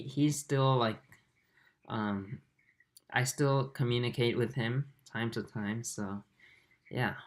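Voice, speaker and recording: A young man with an Australian-tinged accent, hosting a casual livestream and answering viewer comments in a relaxed way, with lots of fillers and restarts, recorded on a laptop mic. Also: fairly low pitch. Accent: Australian-tinged English. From Japan and Singapore. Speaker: aquarium channel host.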